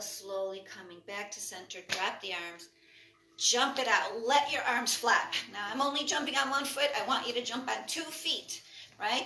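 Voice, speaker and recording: A woman instructor leading a breathwork and movement class with calm, short spoken cues paced to the breath. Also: a little high. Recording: echoey room from far off.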